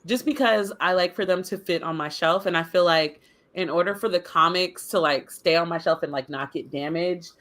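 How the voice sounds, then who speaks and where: Bright, forceful woman co-host, expressive casual talk. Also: moderate pace, hardly any pauses. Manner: expressive, rises in pitch when exasperated. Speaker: podcast co-host. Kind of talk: casual book club discussion.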